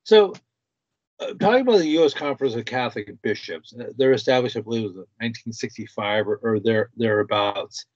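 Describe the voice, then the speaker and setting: A man appearing as a guest on a talk show, explaining slowly and hesitantly with frequent fillers and restarts. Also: mid-range voice, no room sound. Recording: dry dull lo-fi sound.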